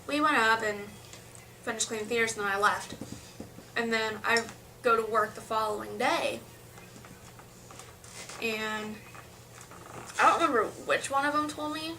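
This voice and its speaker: Chatty young woman, bright and distant. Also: on the high side, slight background noise. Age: young adult. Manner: chatty, rambling with restarts and asides. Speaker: vlogger. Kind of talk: casual storytelling to camera.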